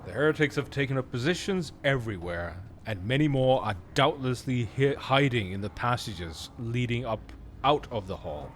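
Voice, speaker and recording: Brief: male game streamer, expressive, swinging pitch, reads story text deliberately. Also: a little hiss or hum. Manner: lively, reads narration slowly and deliberately. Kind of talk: casual co-op game chat and reading game text aloud.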